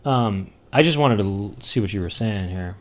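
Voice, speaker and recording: A man's voice: lively intonation, normal speed. Rambling man chatting while gaming. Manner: rambling, hums and sings tunes loudly and high. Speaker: streamer playing a retro game. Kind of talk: casual chat while gaming.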